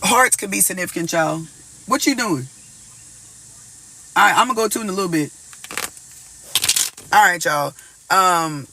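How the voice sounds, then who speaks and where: A man's voice: high voice, measured pace, vocal fry, pauses often, a little hiss or hum. A man giving a casual collective tarot reading to viewers. He talks emphatically, keeps saying "y'all" and "like," and sometimes sings short lines of gospel songs. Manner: animated, emphatic, repeats "y'all" and "like" constantly; breaks into snatches of gospel song. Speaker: tarot reader.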